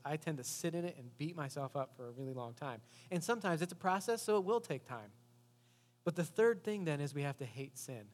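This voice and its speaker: Male pastor, fairly high voice, conversational sermon, long reverb. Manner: earnest, conversational preaching with rhetorical questions.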